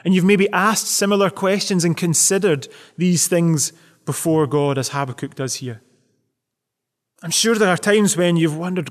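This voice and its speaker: A man's voice: high voice, normal speed, long reverb tail. A man preaching a sermon as pastor, earnest and full of rhetorical questions.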